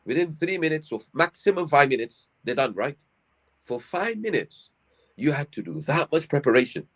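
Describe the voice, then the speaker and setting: Man preaching with rhetorical questions. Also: mid-range voice. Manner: rhetorical, asks and answers own questions. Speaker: Islamic scholar giving advice. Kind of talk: live-stream religious advice talk.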